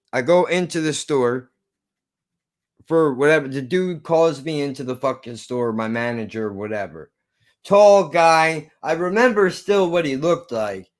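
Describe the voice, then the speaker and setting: A man tells a story from his youth, cursing freely and jumping in and out of the voices of the people in it. His voice sits a bit high for a man and swings up and down in pitch. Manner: animated, swearing, acts out both sides of an argument. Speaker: vlogger telling a personal story. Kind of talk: profane storytelling monologue.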